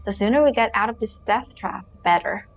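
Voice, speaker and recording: A woman voicing a nervous but level-headed young woman friend, speaking low and earnestly. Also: brisk, natural voice.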